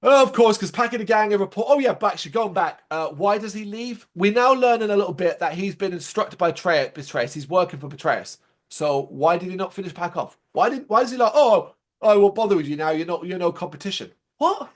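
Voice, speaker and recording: High-voiced sarcastic man ranting. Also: brisk. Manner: animated, sarcastic, swears freely. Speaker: podcast co-host. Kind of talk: casual review chat.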